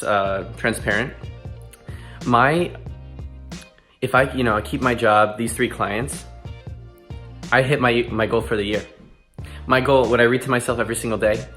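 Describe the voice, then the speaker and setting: Lowish in pitch but a bit bright, this twentysomething man vlogs casually and earnestly. He's emphatic, keeps restarting his sentences, and sounds close to tears with emotion.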